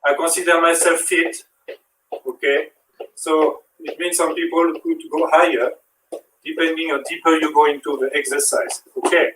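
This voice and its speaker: A man's voice: on the high side, little pitch movement, moderate pace, fairly bright tone, roomy sound, recorded from a distance, slight background noise, poor audio. A man with a French accent, a fitness instructor who counts reps and coaches while he exercises. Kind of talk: live workout demonstration.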